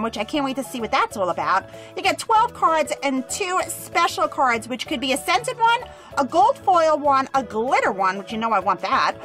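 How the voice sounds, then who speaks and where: A young woman hosting a toy unboxing video, gushing with excited, bubbly exclamations. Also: sits high. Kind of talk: upbeat toy unboxing narration.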